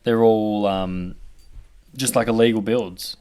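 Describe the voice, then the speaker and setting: A man with a low voice drops short asides and dry quips into a casual podcast chat. He speaks loosely and conversationally, as one of the regular hosts. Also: fairly even intonation, slow pace, a little mellow, clear, resonant tone. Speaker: podcast co-host.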